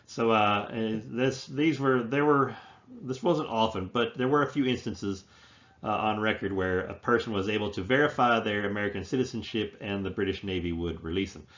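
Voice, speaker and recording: A man teaching a history lecture, talking in halting phrases full of fillers and restarts. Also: fairly low pitch, a bit bright, dull audio. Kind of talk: classroom lecture.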